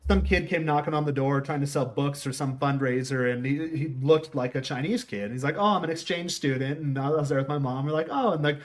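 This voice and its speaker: A man's voice: mid-range voice, fairly even intonation, a little fast, few pauses, a little mellow. A middle-aged man from the United States, hosting a casual conversation and telling stories with a wandering, restart-filled delivery. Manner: rambling storyteller, quotes people in voices. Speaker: host.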